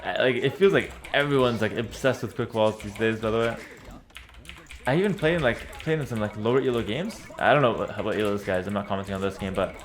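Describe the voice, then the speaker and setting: A man casually commentating his own strategy game as he plays, relaxed and confident, often repeating and slurring his words. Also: fairly low pitch, quick pace. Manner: stumbles, repeats and slurs words. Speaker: streamer playing a strategy game. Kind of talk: casual live gameplay commentary.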